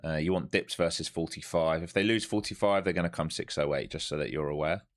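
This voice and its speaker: Low gravelly man. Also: quick pace. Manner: thinks aloud to viewers while watching charts, blunt and profane. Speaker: live-streaming day trader. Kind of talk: live trading commentary.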